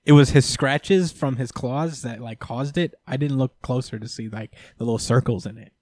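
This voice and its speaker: A man's voice: mid-range voice, moderate pace, darkish tone, no room sound. A man hosting a podcast in casual chat, easygoing and agreeable, with lots of fillers. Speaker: podcast host.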